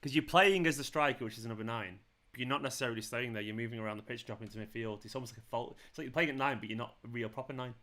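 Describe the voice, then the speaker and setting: A man chatting casually while hosting a football watchalong live stream, excitable and quick to swear. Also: mid-range voice.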